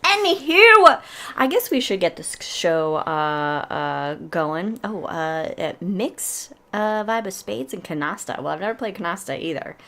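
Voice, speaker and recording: A woman co-hosting a casual podcast, playful and quick to laugh. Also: on the low side, expressive. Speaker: podcast co-host. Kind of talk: casual chat.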